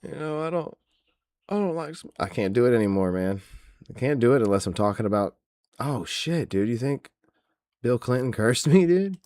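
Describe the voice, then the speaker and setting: A man's voice: mid-range voice, lively intonation, normal speed, a little mellow, no echo. A man hosting a podcast, recapping in a casual, mocking, profane, rambling way. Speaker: podcast host. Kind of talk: casual comedic wrestling recap.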